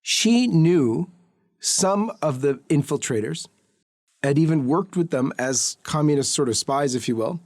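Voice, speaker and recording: Lively, higher-voiced male interview host. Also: a little slow. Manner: inquisitive, leading questions. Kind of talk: interview questions and channel promo.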